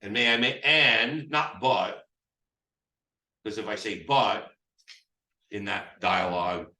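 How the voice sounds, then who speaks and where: This real estate sales trainer has a fairly low voice with a sharp tone and speaks at normal speed. During a live training talk he role-plays both ends of a phone call, voicing the seller, and his delivery rambles with many restarts. Sound comes from a distant mic in an echoey room.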